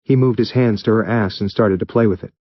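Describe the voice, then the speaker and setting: A man reading fan fiction aloud in steady, even narration. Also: lowish voice, brisk, no echo, muffled recording. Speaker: story reader.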